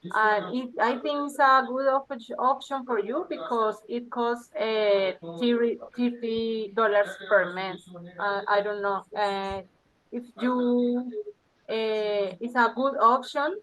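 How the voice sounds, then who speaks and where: A woman's voice: fairly high pitch, fairly even intonation, takes it slowly, a bit bright, low-quality recording. A woman trainee practicing a call center role-play on a video call, hesitant and full of fillers.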